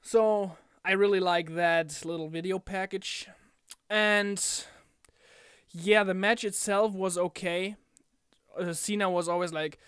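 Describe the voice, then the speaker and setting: A young man ranting casually about a wrestling event in a home vlog, animated and chatty, often slipping into impressions of the people he talks about. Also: high voice, slow, clean tone, no room sound, clean studio sound. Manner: animated, mimics wrestlers in quotes. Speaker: wrestling fan vlogger.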